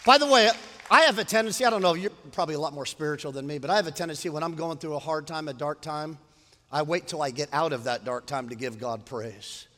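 A man in his fifties preaching a sermon, animated, moving between quiet storytelling and loud preaching. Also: a little high, fast talker, long reverb tail. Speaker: pastor.

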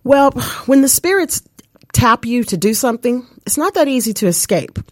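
A woman's voice: on the high side, big pitch swings, normal speed, no echo, studio quality. A woman hosting a live spiritual coaching show, telling a personal story in an earnest, casual way and often speaking to listeners directly. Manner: earnest, addresses listeners as "you guys".

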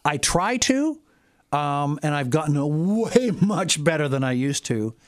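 A man co-hosts a chat and keeps cracking jokes. His pitch swings widely. The sound is dry. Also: very animated, measured pace, no room sound. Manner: joking, teasing. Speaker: show co-host. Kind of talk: casual chat.

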